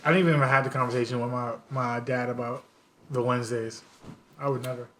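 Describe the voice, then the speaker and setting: A man's voice: medium pitch, steady tone, a little fast, a bit bright, slight background noise. A man co-hosting a podcast who works as an educator, talking playfully and laughing often in casual chat.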